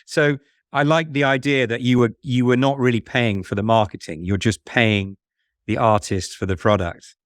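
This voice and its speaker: A man being interviewed about investing, speaking in a musing, halting way with many restarts. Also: mid-range voice, fairly even intonation, no echo. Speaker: fund manager guest. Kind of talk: conversational podcast interview.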